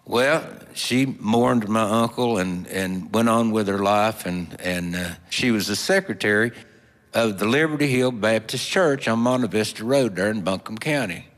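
A man telling a folksy story in a slow, drawling, homespun way with plenty of fillers. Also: fairly low pitch, fairly bright tone. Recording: long hall reverb.

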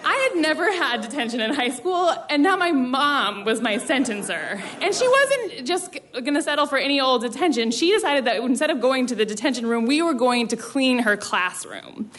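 A woman's voice: sits high, animated, normal speed, few pauses, fairly bright tone. A young woman telling a funny personal story live at a story slam, acting out quoted lines with self-mocking humor.

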